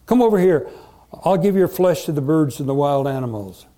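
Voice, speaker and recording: A man's voice: on the high side, lively intonation, fairly quick, warm tone, natural voice. A preacher voicing a sneering giant male warrior who mocks and roars his taunts. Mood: taunting. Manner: mocking, roaring taunts.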